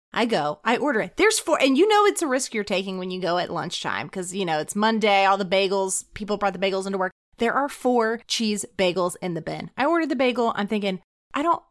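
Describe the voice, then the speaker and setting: A woman co-hosting a podcast, telling a story in an animated, laughing, breathless way. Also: medium pitch. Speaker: podcast co-host. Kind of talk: casual chat, telling a story.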